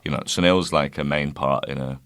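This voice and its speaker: A man's voice: extremely low pitch, steady tone, brisk, a bit bright, dry recording. A young man co-hosting a casual podcast, rambling through jokey digressions and laughing often. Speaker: podcast co-host.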